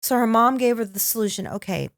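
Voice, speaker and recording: A woman's voice: mid-range voice, expressive, measured pace, dry recording, clean studio sound. A middle-aged woman co-hosting a podcast, chatting and acting out quoted voices. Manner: conversational, acts out quoted voices. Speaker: podcast co-host. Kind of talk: casual chat.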